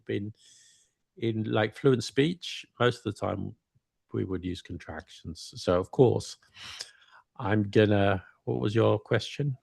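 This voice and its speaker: A man co-hosting a casual podcast as an English teacher, relaxed and correcting himself as he gives spoken examples. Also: fairly low pitch, gravelly, no echo, studio quality.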